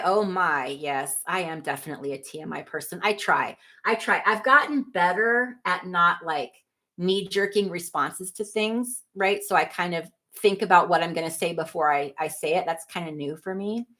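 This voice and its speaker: A woman's voice: fairly low pitch, normal speed, bright, forceful tone. A middle-aged woman hosting a livestream, chatting casually, reading viewer comments, rambling and laughing often. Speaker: livestream host.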